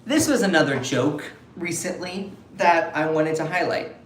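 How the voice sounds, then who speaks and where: A man's voice: a little high, expressive, normal speed, echoey room, slight background noise. A man with a Southern US accent giving emphatic political commentary on a live stream, often repeating and restarting his phrases. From Southern United States.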